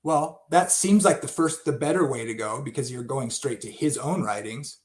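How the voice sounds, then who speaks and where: A man's voice: mid-range voice, normal speed. A man giving an unscripted Bible study talk, thinking aloud with many restarts and asides.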